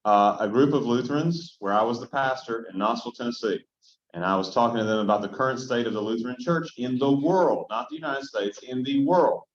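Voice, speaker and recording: A male pastor leading a casual Bible study in an echoing church hall, with a middle-pitched voice. He talks conversationally and keeps checking in with the group. The recording is slightly dull and lo-fi. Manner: conversational, often checks in with the room. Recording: roomy, dull lo-fi room sound.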